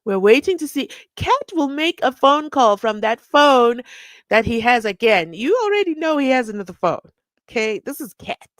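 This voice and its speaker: A woman's voice: a little high, sing-song, moderate pace, fairly bright tone, no echo. A woman, hosting a live stream, reading viewer comments and acting out the people she quotes with sarcasm. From South Africa.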